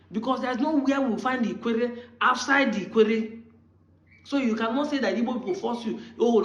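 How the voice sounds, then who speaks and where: A Nigerian man giving impassioned commentary, arguing hard and firing rhetorical questions at his critics. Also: sits high. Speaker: political commentator. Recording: roomy, dull lo-fi recording.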